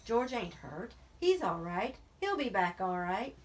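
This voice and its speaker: A woman's voice: mid-range voice, very animated, unhurried, a little hiss or hum. A woman doing Crooks, a lonely ranch hand. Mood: soothing. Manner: rural drawl, earnest and probing. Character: lonely, bitter older male ranch hand. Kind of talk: audiobook reading.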